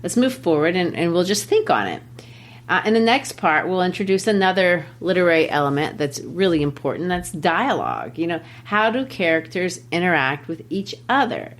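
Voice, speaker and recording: A woman with a low voice hosts a literature podcast. She reads a short story aloud slowly and deliberately, then turns to explaining it in a teacherly way. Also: sing-song. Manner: measured, deliberate reading with pauses. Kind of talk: reading a story aloud and discussing it.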